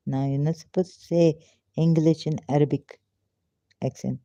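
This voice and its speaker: A man's voice: fairly high pitch, fairly even intonation, dark tone. A man reading a prayer aloud, then breaking off to comment on it, speaking English in non-native phrasing, repeating chanted phrases, laughing and mocking himself. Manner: slow, halting delivery with repeated chanted phrases. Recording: dull lo-fi dry recording.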